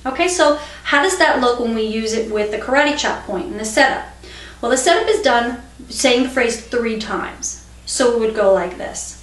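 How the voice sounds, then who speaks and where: A middle-aged woman calmly explaining a tapping technique as an instructor, in a steady teaching tone. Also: fairly high pitch, a little fast. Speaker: EFT instructor. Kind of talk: instructional explanation with demonstration phrases. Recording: echoey room, mic at a distance.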